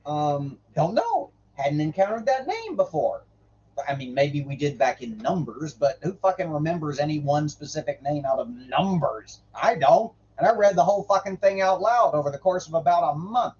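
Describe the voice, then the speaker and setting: A man hosting a stream who swears freely while joking about scripture, then reads the old verses slowly and deliberately. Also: fairly high pitch, expressive, a little mellow, lo-fi sound. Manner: irreverent, swears freely, jokes between readings. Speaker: host reading the Bible on a livestream. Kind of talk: casual commentary and scripture reading.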